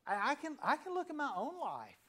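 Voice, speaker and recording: A pastor in his fifties delivers a sermon in an easy, conversational voice. He tells a story, then pauses and lets the ends of key phrases fall to a soft near-whisper. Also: extremely high pitch, huge pitch swings. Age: 50s.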